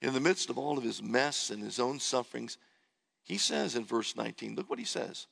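A man's voice: medium pitch, lively intonation, moderate pace, gravelly, fairly bright tone, slightly rough. A man preaching a sermon, earnestly reading and paraphrasing scripture in the first person. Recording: long hall reverb.

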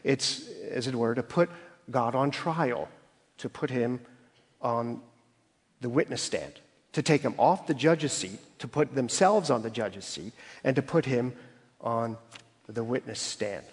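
A man's voice: mid-range voice, unhurried. A man preaching an expository sermon, explaining scripture with everyday stories and acting out quoted voices with rising emphasis. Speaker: pastor. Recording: long hall reverb.

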